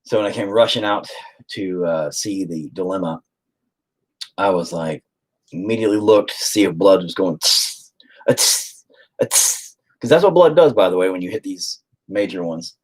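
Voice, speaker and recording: A man's voice: sits low, normal speed, darkish tone. A man hosting a casual stream, telling a story to viewers in a rambling way and swearing freely. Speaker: stream host chatting with viewers.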